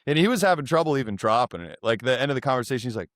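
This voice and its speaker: A man in his thirties, a podcast guest, telling lively stories in casual chat and mimicking his friends' voices. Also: mid-range voice, very fast, dry recording, clean studio sound. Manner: animated, mimics voices when quoting friends. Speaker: guest, content creator. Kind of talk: casual storytelling.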